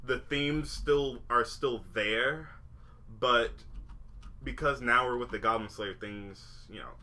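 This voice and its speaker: Speaking slowly at a medium pitch, this young podcast co-host has a sharp tone. He rambles through casual chat, full of fillers, false starts and curse words, over faint background noise.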